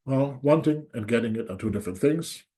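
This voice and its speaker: Speaking fairly quickly in a mellow, medium-pitched voice, this political commentator is animated and furious in his solo opinion piece. He hammers his arguments with open sarcasm, leaning again and again on the phrase "there's no doubt."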